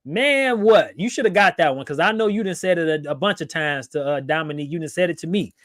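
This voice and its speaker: Here a livestream host with a fairly high, somewhat bright voice speaks fast, reading viewer comments aloud with a playful manner and frequent laughter. The casual chat is recorded dry with studio quality.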